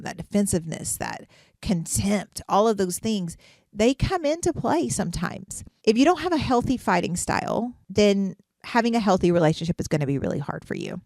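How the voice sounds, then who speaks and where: A middle-aged woman, a therapist hosting a podcast, speaks earnestly about relationships in a casual advice monologue. Her medium-pitched voice is a little mellow, recorded in studio quality with no room sound. She asks rhetorical questions and restarts her sentences as she goes.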